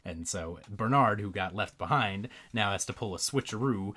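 A man's voice: lowish voice, normal speed, pushed and bright, breathy edge. A man co-hosting a casual podcast, recapping a film and acting out characters' lines with frequent laughs. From Arkansas, USA. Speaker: podcast co-host. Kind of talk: casual movie recap chat.

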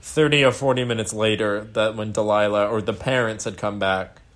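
A man's voice: on the low side, fairly even intonation, moderate pace. A young man in casual chat as podcast co-host, a dramatic storyteller who swears freely. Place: dad's house in Florida.

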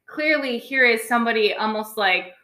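A woman talks casually about films and rambles, full of "like" and restarts. Her voice is bright and clear. The room has a noticeable echo. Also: fairly high pitch, expressive, normal speed. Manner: rambling, many likes and restarts. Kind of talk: casual film review chat.

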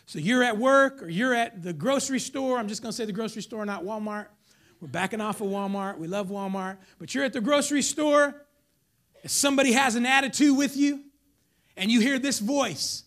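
A pastor with a very high voice preaches briskly, swinging between loud emphatic lines and hushed whispers. He acts out members of the congregation along the way.

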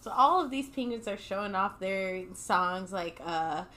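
A woman's voice: medium pitch, lively intonation, measured pace, pushed and bright. A woman co-hosting a comedy podcast, playfully retelling a movie and acting out the characters' lines. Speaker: podcast co-host. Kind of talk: casual stoner movie recap.

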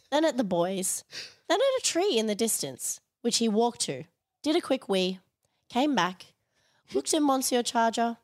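A woman's voice: a little high, no room sound, studio quality. A woman hosting a podcast, reading a comic story aloud in a playful, giggly way.

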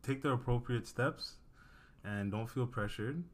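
A man co-hosting a podcast, speaking earnestly with halting repeats in casual chat. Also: medium pitch. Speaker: podcast co-host.

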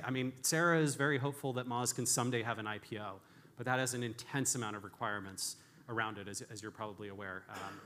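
A man's voice: on the low side, pushed and bright, slight background noise. A man giving a candid, storytelling conference talk with frequent restarts and self-deprecating humor. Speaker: conference speaker.

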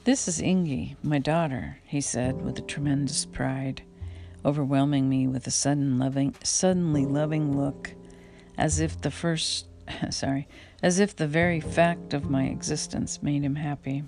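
A woman reading her memoir aloud in an unhurried, reflective way, now and then stopping to correct a slip. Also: low voice, little pitch movement, gravelly, over music. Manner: unhurried, reflective, with occasional slips and rereads. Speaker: memoir reader.

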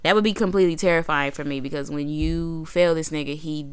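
A woman co-hosting a casual chat show, telling stories in animated, slangy and profane talk. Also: deep voice, a little fast, clean tone, no echo. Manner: animated storytelling, slangy and profane, acts out voices. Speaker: podcast co-host. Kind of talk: casual chat about an anime episode.

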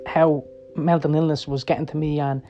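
Middle-aged guy ranting his life story, swears a lot, keeps saying right, kinda high voice. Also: level tone, mellow, muffled recording. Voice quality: heavy swearing, blunt and emphatic. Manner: rapid, rambling, seeks agreement with "right?" and "yeah?". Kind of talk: personal storytelling monologue. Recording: faint music behind.

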